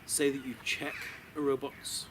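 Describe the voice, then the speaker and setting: A man's voice: mid-range voice, level tone, background noise. A man co-hosting a casual interview who affirms answers and asks follow-up questions. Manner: affirming, quick asides.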